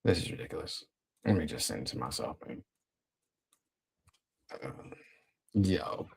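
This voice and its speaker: A young man hosting a casual livestream, talking in a laid-back, slang-heavy way while reading and shouting out his chat. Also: rumbling low, lively intonation, measured pace, vocal fry, slightly rough. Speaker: livestream host.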